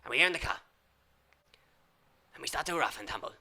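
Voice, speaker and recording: A man doing an improvised comic monologue. He rambles absurdly in mock-foreign phrasing and swings from loud outbursts to whispers. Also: medium pitch, animated, a little fast. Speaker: improv comedian.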